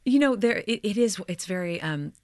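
A woman's voice: mid-range voice, expressive, moderate pace, no room sound, clean studio sound. A woman actor from Oklahoma, chatting animatedly in an interview with frequent fillers. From Oklahoma, United States. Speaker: actor guest. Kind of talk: conversational interview.

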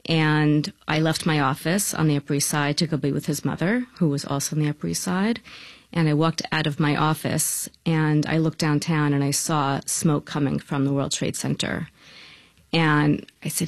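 A woman with a gravelly voice tells her story in a rushed, urgent way. The recording is close and dry. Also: deep voice, steady tone, dry recording. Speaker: widow of a victim. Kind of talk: emotional interview testimony.

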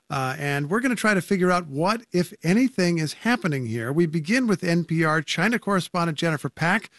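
A man's voice: on the high side, fairly bright tone, no echo, studio quality. A man anchoring a radio news program, speaking conversationally with wry asides as he introduces reporters and guests.

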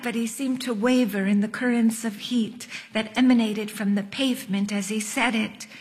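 A woman's voice: mid-range voice, steady tone, normal speed, hardly any pauses. A woman narrating her memoir in a wry, literary, self-mocking manner. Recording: long echoing reverb.

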